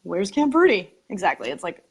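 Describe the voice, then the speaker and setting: A woman's voice: mid-range voice, big pitch swings, moderate pace, slightly rough. A woman in her twenties from Arizona, a podcast guest talking in a loose, chatty way, laughing often and wandering off topic, heard through earbuds on a call. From Arizona, USA. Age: 20s. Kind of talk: casual chat.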